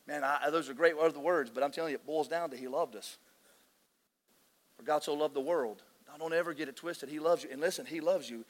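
A man preaching a sermon as pastor, emotional and excitable, often restarting his sentences. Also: on the high side. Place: large church hall. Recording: long hall reverb.

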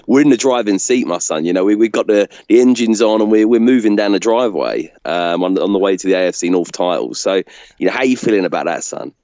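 A man's voice: fairly low pitch, animated, fast talker, darkish tone, no room sound, muffled recording. A man co-hosting a podcast, chatting with teasing, matey banter. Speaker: podcast co-host. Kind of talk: casual chat.

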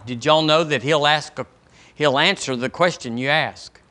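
A man's voice: a little high, moderate pace, sharp tone. A man preaching a sermon as pastor of a church, in a folksy, conversational way, acting out questions people ask the Lord. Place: church sanctuary.

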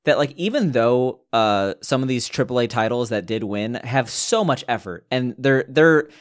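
A young man chatting casually on a podcast, his voice sitting at an ordinary middle pitch. He rambles through his thoughts, stopping and restarting as he goes. His delivery swings between excited bursts and quieter asides. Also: moderate pace. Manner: rambling, animated, frequent restarts and fillers. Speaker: podcast co-host. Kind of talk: casual chat.

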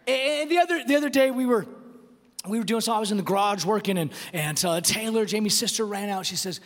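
A pastor preaching a sermon, emphatic and repeating words, slowing down to stress key phrases. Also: male voice, sits high. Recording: long reverb of a large hall.

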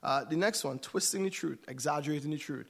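A man's voice: fairly high pitch, brisk, creaky, fairly bright tone. A man giving a sermon in a conversational way, often checking in with "right?". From United States. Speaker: church speaker.

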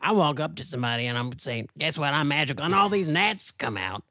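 A man voicing Mister Possum, a folksy rural male possum character, talking in a deadpan, rambling drawl on a comedy podcast. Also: fairly high pitch, a little fast, dry recording, clean studio sound. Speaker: co-host.

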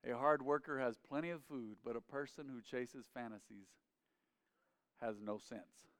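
A man's voice: mid-range voice, unhurried, a bit bright, clear, resonant tone. A man preaching a sermon as a pastor, with emphatic, repetitive phrasing. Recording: long hall reverb.

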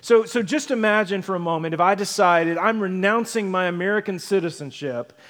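A male pastor delivers a sermon in a relaxed, conversational way, often tossing "right?" back to the congregation. His voice sits a little high for a man. The sanctuary adds a long, ringing reverb to everything he says. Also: a little fast. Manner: conversational preaching, frequent tag questions. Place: church sanctuary.

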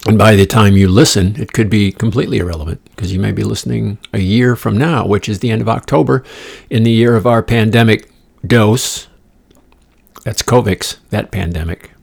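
A man's voice: on the low side, steady tone, normal speed, a little mellow. A man hosting his own podcast, riffing in a profane, digressive comic monologue with playful asides and the odd whispered joke. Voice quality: gravelly. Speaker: podcast host. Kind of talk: rambling comedic monologue. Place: condominium room.

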